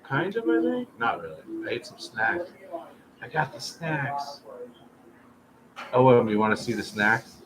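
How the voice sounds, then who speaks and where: A man's voice: medium pitch, huge pitch swings, moderate pace. A man hosting a casual livestream, talking in a rambling, chatty way straight to his viewers. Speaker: livestream host. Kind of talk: casual chat. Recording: noisy room ambience.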